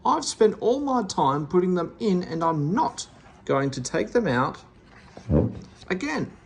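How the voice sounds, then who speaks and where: Storybook reading: a stubborn carter man, voiced by a reader, gravelly and blunt, lively pitch. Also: unhurried, a little hiss or hum. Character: gruff, stubborn male delivery carter. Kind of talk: storybook read-aloud.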